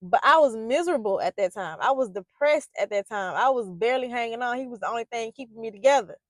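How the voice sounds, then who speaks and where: A poet and parenting vlogger delivers a heartfelt, reflective monologue about parenting in a fairly high voice with lively intonation and a fast pace, with no room sound. Her speech is loose, with lots of fillers and restarts, and she grows emphatic and loud when driving a point home.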